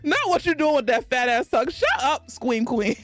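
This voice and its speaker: A woman's voice: high voice, no room sound. A woman with a Texan accent and a slight lisp, chatting casually on a live stream and laughing often as she answers her chat.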